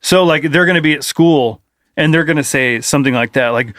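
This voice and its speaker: A man's voice: fairly high pitch, brisk, fairly bright tone, dry recording, studio quality. A man co-hosting a podcast in casual chat, telling rambling stories full of fillers. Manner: rambling, filler-heavy storytelling. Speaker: podcast co-host.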